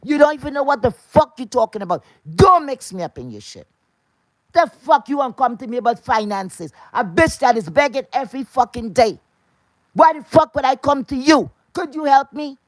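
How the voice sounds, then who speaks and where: A woman with a lilt tears into someone in a heated, foul-mouthed vlog rant, scolding and confrontational throughout. Her voice sits a little high, and the recording is dry and close with almost no room sound. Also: lively intonation, moderate pace, dry recording. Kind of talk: angry rant to camera.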